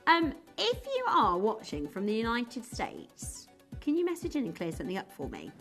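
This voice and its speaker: Chatty woman selling gems on TV. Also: mid-range voice. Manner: chatty and enthusiastic, chatting with off-screen colleagues. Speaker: shopping channel presenter. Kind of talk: live TV sales presentation. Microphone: studio mic.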